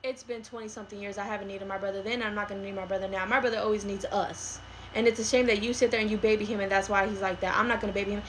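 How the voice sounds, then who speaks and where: A woman's voice: medium pitch, steady tone, racing, fairly bright tone, a little hiss or hum, natural voice. A woman playing an argumentative young adult daughter who pushes back against her mother in a comedy skit. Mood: frustrated. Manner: argumentative, sarcastic. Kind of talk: skit role-play.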